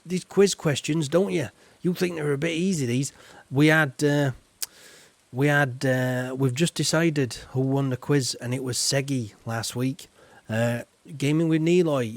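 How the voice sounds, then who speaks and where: A man's voice: fairly high pitch, darkish tone, no echo. A man hosting a live game stream, chatting casually and rambling with lots of fillers and restarts while teasing his viewers. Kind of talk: casual live-stream chat over gameplay.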